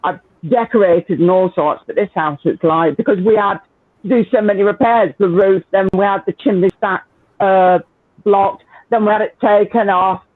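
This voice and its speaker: A man's voice: high-pitched, fairly even intonation, normal speed, no room sound. A man with a Northern English accent hosting a casual live chat, talking freely, swearing and laughing often. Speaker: livestream host. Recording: tinny phone-like line.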